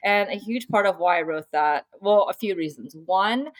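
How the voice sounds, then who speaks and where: A woman's voice: mid-range voice, moderate pace, dry recording. A young adult woman, a podcast guest and author, talking through her family life in an earnest, reflective way, with many fillers and restarts. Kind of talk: casual conversational interview.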